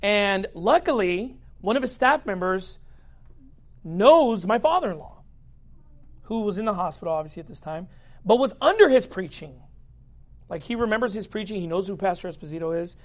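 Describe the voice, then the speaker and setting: A man's voice: sits high, expressive, normal speed. A man, a pastor, telling his personal story in a casual way, full of filler likes and laughing now and then. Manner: chatty, many filler likes, acts out quoted speech; laughs through parts of the story.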